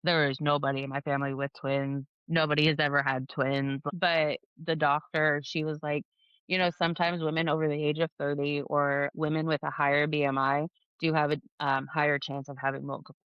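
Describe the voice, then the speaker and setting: A woman's voice: deep voice, little pitch movement, a little fast, clean tone, no room sound, muffled recording. A woman in her thirties, a podcast guest telling her story casually, acting out dialogue and saying "like" a lot. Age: 30s. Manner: chatty, acts out dialogue with lots of "like".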